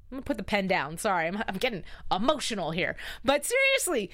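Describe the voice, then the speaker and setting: Animated, chatty woman recapping a show. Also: medium pitch, a little fast, hardly any pauses. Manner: chatty and emphatic, reacting openly. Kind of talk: casual live recap chat.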